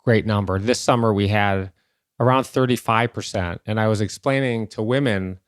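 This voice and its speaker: A man hosting a podcast interview, talking in a relaxed, conversational way. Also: fairly low pitch, normal speed, smooth, no room sound, studio quality. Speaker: podcast host.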